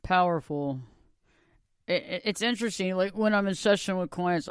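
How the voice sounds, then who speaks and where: A man hosts a podcast interview, affirming his guest as he talks and restarting his sentences with repeated words. His voice is smooth and resonant and sits a little high for a man. The sound is dry and close. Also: normal speed, no echo. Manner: warmly affirming, repeats himself. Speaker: podcast host and coach. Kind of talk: casual interview chat.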